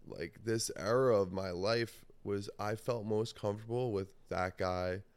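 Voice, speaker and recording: A man with a low, gravelly voice tells a story in loose, casual talk. He rambles, swears freely and breaks into laughs as he goes. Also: steady tone, unhurried, no echo. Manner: rambling, profane, laughs often. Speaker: podcast host.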